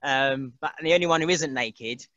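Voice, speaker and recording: A man's voice: mid-range voice, moderate pace, sharp tone, dry recording, dull audio. A man, chatting casually as an interview guest, rambling and laughing often and mimicking other people's voices. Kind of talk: casual chat.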